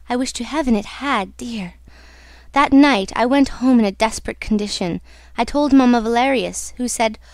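Woman reading as young singer girl spilling her secret, high-ish voice, dry close sound. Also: vocal fry, no room sound. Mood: confiding. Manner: intimate, earnest confession.

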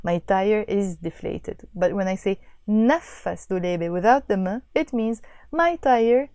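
A woman teaching a language lesson, patiently explaining and repeating phrases slowly. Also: mid-range voice, dark tone, no echo, studio quality.

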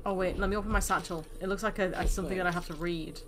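A woman's voice: fairly low pitch, steady tone, rapid-fire, background noise. A young woman giving chatty, self-mocking commentary while playing a video game. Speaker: gaming YouTuber. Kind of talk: casual gameplay commentary. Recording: game sounds and hooves over voice.

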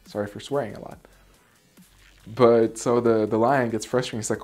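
A man's voice: mid-range voice, steady tone, a little fast, vocal fry, darkish tone, husky, faint music behind. Candid man telling a personal story. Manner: candid, swears, restarts sentences. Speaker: Aikido instructor.

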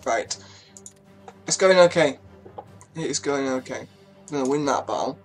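A man's voice: medium pitch, lively intonation, moderate pace, soft background music. Chatty man narrating strategy gameplay. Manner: chatty, swears freely, talks to his units. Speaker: gaming YouTuber. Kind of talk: casual strategy-game commentary.

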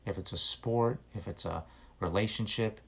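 A man with a fairly low voice delivering an informal sermon straight to his listeners. He talks earnestly and urgently, pushing hard on key words in emphatic bursts. His delivery is exhortative rather than polished. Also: moderate pace, gravelly, a bit bright, slightly rough. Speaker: preacher.

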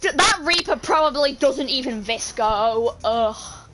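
A young woman with a British accent calls out to her teammates during a live game stream, breaking into shouts and cheeky swearing. Her voice sits high and sounds bright and sharp. A faint hiss runs under the home mic. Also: a little slow. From Britain. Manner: excitable, shouting bursts and playful swearing. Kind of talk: live gameplay chat.

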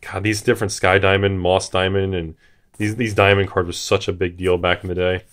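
A man hosting a card-opening video, talking in a hyped, jittery way and shouting at big pulls. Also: deep voice, level tone, a little fast. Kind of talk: excited casual commentary.

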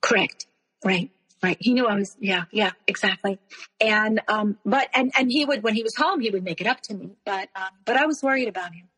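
A woman tells her own story as a guest, breaking off and restarting often. Her voice is husky and breathy. The recording rings with a long reverb tail. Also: mid-range voice, a bit bright. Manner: halting, with many restarts and repeated words. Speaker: interview guest. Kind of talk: emotional personal storytelling.

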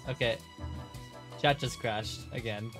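A man's voice: mid-range voice, steady tone, takes it slowly, over music. A man hosting a live stream, joking around in a goofy, profane way on a headset mic. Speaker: streamer host. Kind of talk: casual live-stream chat.

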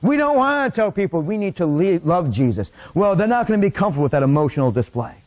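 A middle-aged man preaching a sermon in a church, impassioned, rising to near-shouts. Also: sits high, sing-song, fast. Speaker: pastor. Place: church sanctuary.

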